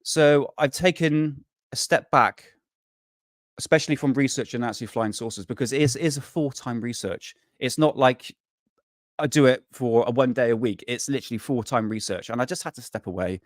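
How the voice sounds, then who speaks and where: A man's voice: mid-range voice, normal speed, no echo, studio quality. A man hosting a casual live stream, rambling and swearing freely, worn out and burnt out, chatting to viewers. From United Kingdom.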